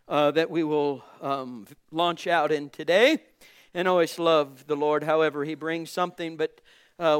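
A male pastor with a high, ringing, resonant voice delivers a sermon. He swells loud and emphatic on key words, then drops soft, and he stretches out scripture verses slowly for weight. The delivery is fervent, preacher-style. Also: clear, resonant tone.

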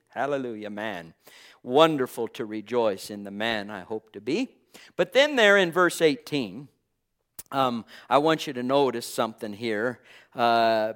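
A man's voice: medium pitch, a bit bright. A man preaching a sermon in an impassioned, conversational way, dropping in exclamations of praise.

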